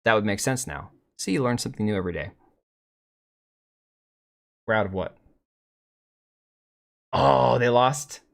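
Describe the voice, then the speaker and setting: A man's voice: on the low side, lively intonation, brisk, creaky, long pauses. A middle-aged man hosting a live stream, rambling bluntly with profanity as he reads and answers chat.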